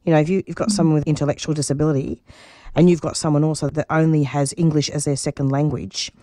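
A woman's voice: sits low, level tone, fast talker, mellow, dry recording, clean studio sound. A middle-aged woman, a radio producer, speaking earnestly and emphatically as an interview guest, often restarting her phrases. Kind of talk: personal interview answers.

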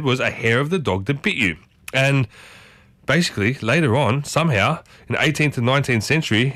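A man hosts a breakfast radio show, chatting in a casual, folksy way and peppering his listeners with strings of questions. His medium-pitched voice is bright and forceful, and the recording is dry.

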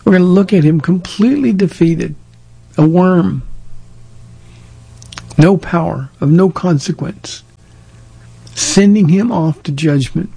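Sitting high and moving slowly, the pastor's gravelly, mellow voice carries a breathy edge and long pauses. A Southern California man, he takes listener questions in casual call-in advice talk, answering in a plain-spoken, direct way with stories from his life.

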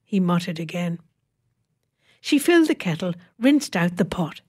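Female narrator, measured wry short-story reading. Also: lowish voice, very animated, a little mellow.

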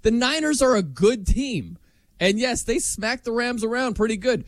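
A man hosting a sports talk show, animated and jokey, often laughing as he talks. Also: extremely high pitch, moderate pace, no echo. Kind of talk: casual sports chat.

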